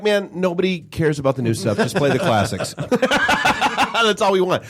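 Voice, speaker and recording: A man's voice: high voice, expressive, fast talker. A man from the Detroit area co-hosting a podcast, telling stories animatedly, swearing freely and laughing often. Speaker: podcast co-host. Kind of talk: casual chat.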